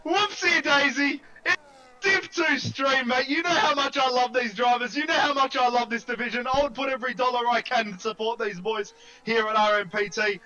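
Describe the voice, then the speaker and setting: A man commentating a sim racing qualifying session live, excitable and jokey, shouting over the big moments. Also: extremely high pitch, a little fast, low-quality recording.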